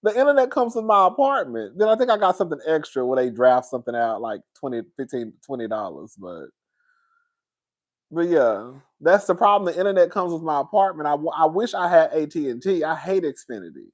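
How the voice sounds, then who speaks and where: A man's voice: on the high side, lively intonation, a little fast. A man, hosting a casual livestream and venting in a sassy, exasperated way to his viewers. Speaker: livestream host.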